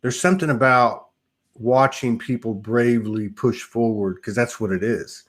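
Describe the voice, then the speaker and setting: A man hosts a spiritual talk show and speaks in a reflective, loose way, with a mild curse slipped in here and there. His voice sits at an ordinary middle pitch for a man. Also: moderate pace. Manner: reflective, casual, swears lightly. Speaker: host.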